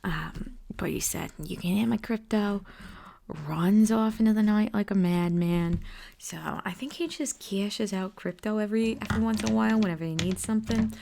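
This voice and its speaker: A woman's voice: mid-range voice, moderate pace, vocal fry, warm tone, a little hiss or hum, natural voice. A woman doing a whispered role-play as a wild, gossipy, unhinged aunt, rambling and chatty, slipping in and out of a whisper on a close mic. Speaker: ASMR creator.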